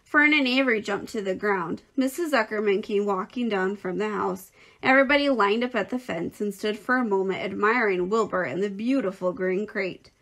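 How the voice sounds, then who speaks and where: A woman teacher reading a children's novel aloud in a clear, expressive storytelling voice. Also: mid-range voice, normal speed.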